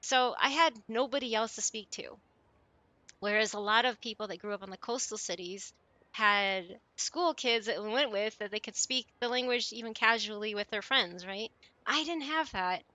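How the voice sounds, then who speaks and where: A woman streamer from the United States chats casually with her viewers, laughing often and tripping over names. Her voice is bright and sits a little high. Faint music plays behind her. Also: normal speed, no echo. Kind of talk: casual chat reading viewer messages aloud.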